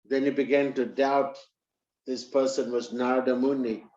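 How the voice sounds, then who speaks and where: A man preaching who tells a story in a lively way and acts out its characters. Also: medium pitch, normal speed. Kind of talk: storytelling in a sermon. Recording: roomy, slightly dull recording.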